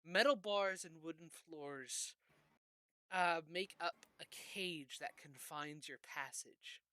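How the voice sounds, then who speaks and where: A game master narrating a tabletop game with halting delivery and many fillers. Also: mid-range voice, pushed and bright.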